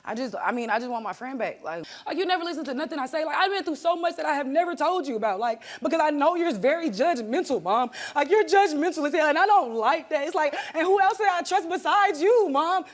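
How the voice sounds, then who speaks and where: Young woman, very high voice, fast, blunt and heated, talk show guest. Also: expressive. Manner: blunt, heated, repeats herself. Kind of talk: emotional confrontation.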